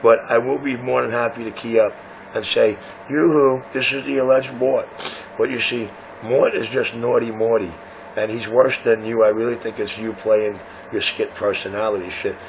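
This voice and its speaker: A man's voice: fairly low pitch, little pitch movement, moderate pace, crowd noise. A man who runs a radio shop, boasting and taunting rivals over CB radio in a brash, self-important way. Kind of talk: CB radio banter. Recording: muffled CB radio audio with faint hiss.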